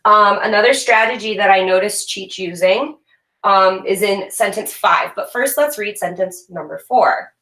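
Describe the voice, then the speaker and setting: A woman teaching a reading lesson to young students in a recorded video, speaking slowly and clearly and praising them often. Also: medium pitch, animated, fairly bright tone. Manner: slow, clear, encouraging teacher talk with drawn-out words. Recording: echoey room.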